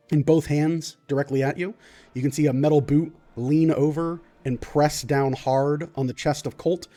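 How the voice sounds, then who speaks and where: A man narrating a tabletop game as the game master, describing scenes with frequent pauses and restarts. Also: medium pitch, dark tone.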